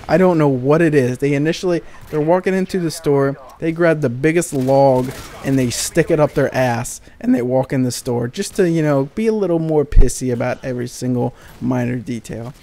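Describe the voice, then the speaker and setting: A man's voice: mid-range voice, warm tone. A young man telling exasperated, sarcastic, profane stories about retail customers over gameplay. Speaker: gaming channel commentator. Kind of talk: ranting storytime over gameplay.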